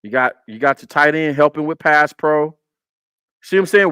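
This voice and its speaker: A man's voice: a little high, very animated, moderate pace, pushed and bright, clear, resonant tone, no room sound. Emphatic man breaking down game film. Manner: emphatic, repeats points, talks to chat. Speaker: football film breakdown host. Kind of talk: casual live-stream game analysis.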